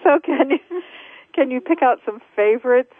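A woman hosting a radio interview show, eager and chatty with quick laughs. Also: high voice, dry recording. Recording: tinny phone-like line, dry.

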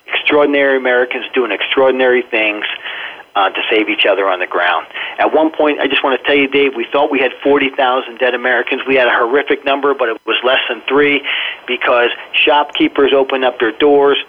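A man's voice: medium pitch, fairly quick, a little hiss or hum. A man giving an earnest first-hand account as a guest in a radio interview, often restarting his phrases. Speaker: interview guest recounting events. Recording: tinny phone line.

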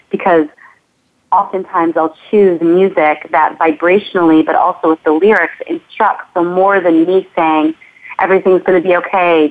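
Earnest woman on a tinny line. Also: on the low side. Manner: earnest, flowing, repeats phrases. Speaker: guest, movement teacher. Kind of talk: reflective conversational interview.

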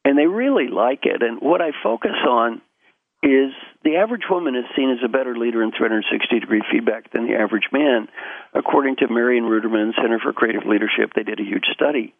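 An older man, an executive coach, giving animated storytelling answers in an interview over the phone. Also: medium pitch, fast talker, dry recording. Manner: animated storyteller, acts out quotes. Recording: tinny phone line.

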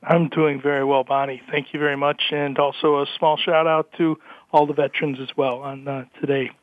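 A man's voice: a little high, brisk, no echo. Man on a tinny phone line. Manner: relaxed, hesitant with fillers. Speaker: panel guest. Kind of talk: casual radio chat.

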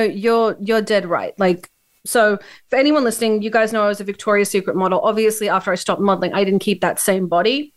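Frank, chatty woman co-host, casual swearing, mid-range voice. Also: medium pitch. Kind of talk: casual chat.

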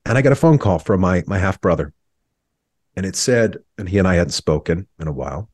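A man's voice: sits low, animated, a little fast, darkish tone, breathy edge, dry recording, clean studio sound. A man in his thirties, an interview guest, telling a painful personal story in an earnest, reflective way, his voice sometimes breaking with emotion.

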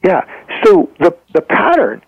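A man telling a client story as a guest in a podcast interview, earnest and halting, with frequent ums and restarts. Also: a little high, huge pitch swings, slightly rough, no room sound. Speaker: guest therapist. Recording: tinny phone-like line.

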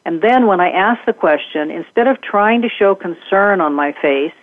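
A woman, a communication trainer, speaking as a guest in an interview, talking in a gentle, measured and reflective way. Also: medium pitch, animated, no echo. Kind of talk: conversational interview. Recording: dry tinny phone line.

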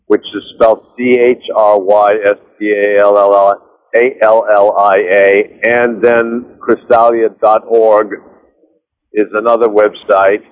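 A man with a fairly low voice phones in from his car, coming through a dull, muffled line. He talks in a halting, rambling way, restarting his sentences often. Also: little pitch movement. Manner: hesitant, rambling with many restarts. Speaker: guest author. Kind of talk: phone interview. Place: car, while driving.

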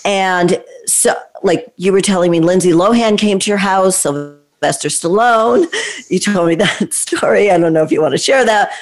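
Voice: mid-range voice, moderate pace. An interview host who talks in a chatty, eager way with loose phrasing, steering the guest to his stories. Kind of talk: casual interview.

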